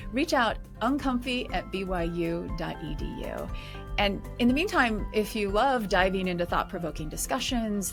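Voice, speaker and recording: A woman hosting a podcast, asking short, encouraging follow-up questions and closing the episode. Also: medium pitch. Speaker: podcast host. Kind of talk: podcast interview and outro.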